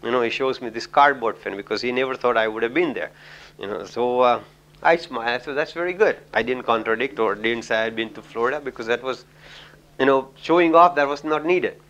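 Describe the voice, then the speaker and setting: A man's voice: medium pitch, brisk, fairly bright tone, highs cut off. A middle-aged man from India giving a lecture on communication, telling anecdotes in a chatty way with many "you know"s and laughs.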